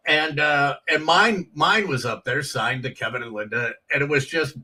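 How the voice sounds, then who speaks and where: A comedian telling animated stories from his years on the comedy circuit, acting out the voices of people in them. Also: fairly high pitch, normal speed, distant mic, poor audio. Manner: animated storyteller, acts out quoted voices. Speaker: comedian guest. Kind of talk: casual storytelling.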